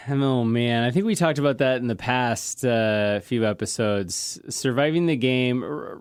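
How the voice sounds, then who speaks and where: A man's voice: mid-range voice, clean tone, no echo, studio quality. A man co-hosting a podcast in casual chat, asking prompting questions and searching aloud for names. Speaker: podcast co-host.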